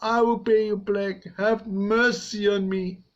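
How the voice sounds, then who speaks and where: A man's voice: high voice, little pitch movement, takes it slowly, highs cut off, voice pushed up. A man voicing a frightened male servant who stammers and begs for mercy. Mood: pleading. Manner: stammering, pleading.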